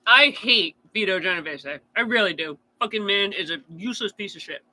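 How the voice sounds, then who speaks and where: A man's voice: high voice, a little fast, pushed and bright, rough recording. A man chatting casually on a true crime stream, answering chat in a blunt, profane rant.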